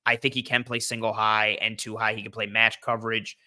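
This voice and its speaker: A young man hosts a loose football draft chat, thinking aloud with plenty of ums and restarts. His voice is lowish and strikingly bright. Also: little pitch movement, a little fast. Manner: rambling, lots of fillers and restarts, hums to himself while thinking. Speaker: podcast host. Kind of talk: casual draft-analysis chat.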